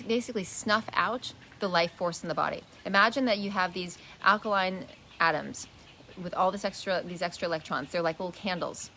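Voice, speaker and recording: A woman's voice: fairly low pitch, bright, forceful tone, a little hiss or hum. A woman teaching a wellness class in a casual live talk, earnest, often restarting and repeating words as she explains. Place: indoors, shifting light.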